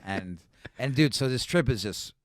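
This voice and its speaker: A man from New City, a comedian telling animated, profane stories as a podcast guest. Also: mid-range voice, moderate pace, no echo, studio quality. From New York City. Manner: animated, profane, full of "like" and "right?". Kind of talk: casual storytelling on a podcast.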